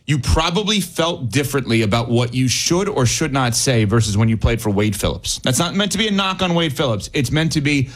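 A man co-hosting a sports talk radio show, arguing his points with animated questions. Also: medium pitch, brisk, hardly any pauses.

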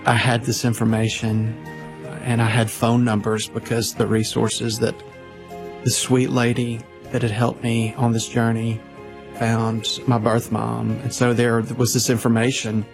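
Earnest gravelly-voiced man in his 50s. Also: medium pitch, monotone, music in the background. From Louisiana, USA. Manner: earnest, halting with restarts and fillers. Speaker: minister, guest storyteller. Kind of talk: personal storytelling.

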